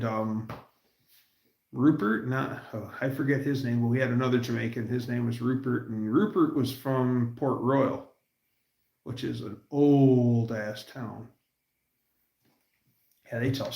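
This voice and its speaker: Gravelly rambling man in an echoey room. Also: medium pitch, steady tone, darkish tone. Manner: rambling, storytelling, puts on quick voices for quotes. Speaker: livestream host. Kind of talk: casual rambling chat.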